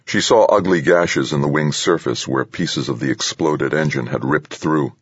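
A man narrating an audiobook thriller in a steady, dramatic reading. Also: a bass voice, moderate pace, breathy edge, dry recording. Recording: dull, dry studio read.

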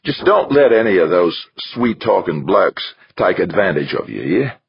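A man voicing a gruff aging miner, a father who mutters in clipped, grudging phrases. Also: low-pitched, very animated, normal speed, dry recording, dull audio, voice pushed up, full character voice.

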